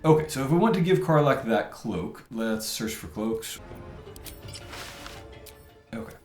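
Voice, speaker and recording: This gameplay commentator speaks at a medium pitch, expressive, unhurried and slightly mellow. He offers casual let's-play commentary, thinking aloud and muttering about his tactics while playing. Game music plays behind a roomy-sounding mic.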